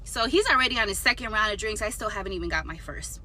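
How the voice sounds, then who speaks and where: A young adult woman telling a storytime story in an animated, indignant way, swearing now and then. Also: a little high, quick pace, few pauses. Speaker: storytime vlogger. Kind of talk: casual storytelling.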